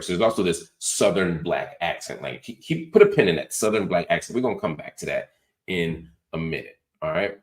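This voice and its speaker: A middle-aged man hosting a political commentary show, talking in an animated, sarcastic way with mocking asides. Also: deep voice, a little fast. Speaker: host.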